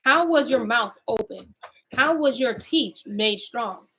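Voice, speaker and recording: Remorseful mother figure, fierce when needed, scripture read aloud by a woman, fairly high voice. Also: expressive, takes it slowly, fairly bright tone, full character voice, low-quality recording. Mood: scolding.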